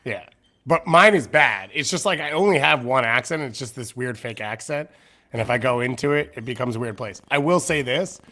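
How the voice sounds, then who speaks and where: A man's voice: medium pitch, bright, forceful tone. A young man hosts a loose live-streamed chat. He rambles from one thing to the next and pokes fun at himself as he goes. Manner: rambling, self-mocking. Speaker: podcast host.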